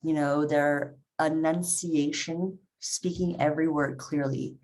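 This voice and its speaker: A woman's voice: low-pitched, steady tone, slow pace, darkish tone. A woman teaching a live online English class, reading out learners' comments and encouraging them. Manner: encouraging, reads chat comments aloud.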